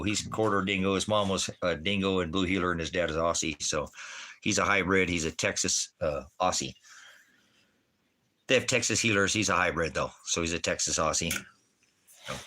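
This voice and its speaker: A man's voice: deep voice, sharp tone. A man from Oregon ranting casually on a livestream from his farmhouse, swearing, rambling and talking straight to his viewers. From Oregon, USA. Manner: profane, rambling, talks straight to the chat. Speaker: livestreaming vlogger. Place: indoors at home on a farm.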